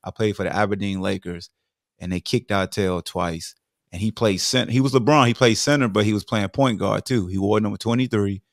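A man from Virginia, a former football player, telling stories in a lively way and acting out the voices of the people in them. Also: on the low side, fairly quick, no room sound, clean studio sound. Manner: lively, acts out voices in his anecdotes. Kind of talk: animated storytelling interview.

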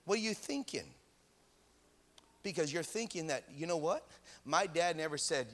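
A man preaching a sermon as pastor, animated and repeating phrases, in a church hall. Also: a little high, normal speed, pauses often.

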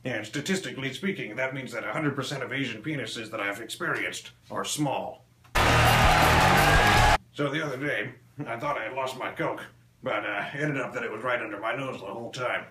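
A man doing a crude stand-up comedy set, delivering deadpan one-liners on a small club stage. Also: medium pitch, moderate pace, music in the background. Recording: echoey room with faint ambience.

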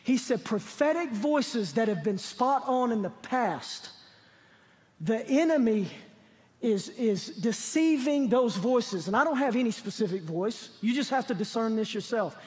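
A pastor with a very high male voice preaches in a church, moving between easy, chatty storytelling and fervent emphasis. His words ring out into a long hall reverb. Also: animated, a little slow, a little mellow. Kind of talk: sermon. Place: church sanctuary.

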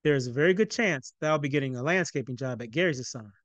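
A man voicing an eager, excitable teenage boy in a read-aloud novel, his delivery pitched up and pleading. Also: rapid-fire, no room sound, natural voice.

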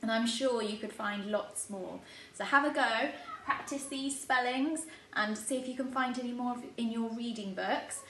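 A woman with an English accent, a primary school teacher giving a spelling lesson to young children at a chalkboard, talking in a bright, encouraging way and sounding every word out clearly. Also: on the high side, moderate pace, distant mic, a little hiss or hum. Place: classroom with a chalkboard. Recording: echoey room, voice away from the mic.

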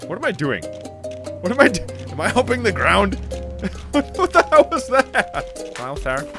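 Man, gaming commentary, giggly, shrieks and low mutters, very lively pitch, game music behind. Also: unhurried. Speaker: gaming YouTuber. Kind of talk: comedic gameplay commentary.

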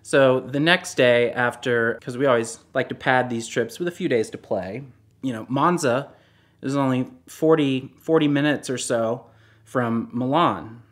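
A man casually telling a car story, animated and often dropping into a hushed voice. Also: medium pitch, a little slow.

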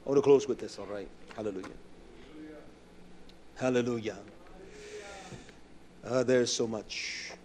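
A man in his fifties preaching a sermon, swinging between loud outbursts and quiet low asides. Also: measured pace, pauses often, crowd noise. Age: 50s. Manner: impassioned, swinging from shouts to low murmurs.

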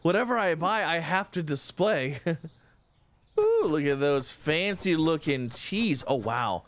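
A man hosting a casual let's-play, chatty and excitable, thinking aloud with frequent exclamations. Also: a little high, measured pace, dry recording. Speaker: gaming channel host.

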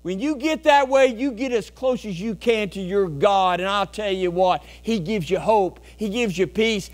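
Pastor guy with a really high voice, folksy animated sermon, mains hum underneath. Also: moderate pace. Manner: folksy, animated preaching with rhetorical questions to the congregation. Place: church sanctuary.

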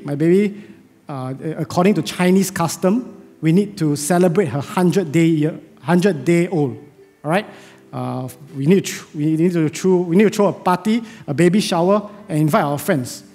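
High-voiced pastor preaching. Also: male voice. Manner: earnest, emphatic rhetorical questions. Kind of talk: sermon. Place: church sanctuary. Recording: echoey church hall with soft music.

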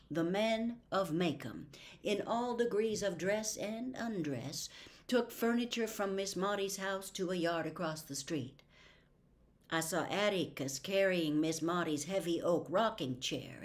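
A woman narrating a classic novel as an audiobook in a deliberate reading manner. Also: lowish voice. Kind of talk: scripted narration.

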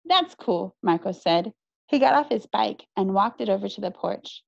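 Teacher lady reading a kids book aloud, bit gravelly, dry muffled sound. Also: mid-range voice, moderate pace, no echo. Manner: expressive storytelling. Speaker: middle school teacher. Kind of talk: reading a children's novel aloud. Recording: dry, slightly muffled recording.

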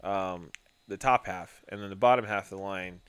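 A man's voice: low-pitched, moderate pace, a bit bright, clear, resonant tone, no echo. A male artist host chatting casually while drawing live, laughing often and slipping into silly voices.

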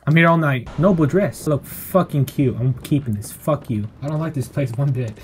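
A man giving profane, jumpy commentary while playing a video game, swinging between yelling outbursts and self-mocking jokes. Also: mid-range voice, moderate pace, a little hiss or hum. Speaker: gameplay streamer. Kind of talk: live gameplay commentary.

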